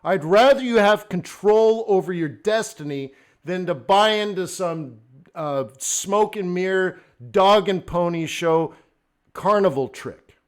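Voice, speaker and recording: A man hosting a live trading stream, talking off the cuff and swinging between near-shouted rants and quiet asides. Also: high voice, takes it slowly, clean tone. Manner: acts out traders' inner voices in quotes. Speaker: livestream host, forex trading coach.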